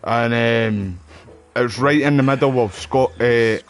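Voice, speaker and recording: A friendly Scottish man from West Lothian talks over his game in a loose, slangy way, his voice pitched right in the middle for a man. Faint music plays under him as he chats to his viewers. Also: slow. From Scotland. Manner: friendly, chatty, sweary slang. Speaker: live streamer. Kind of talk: casual chat over gameplay.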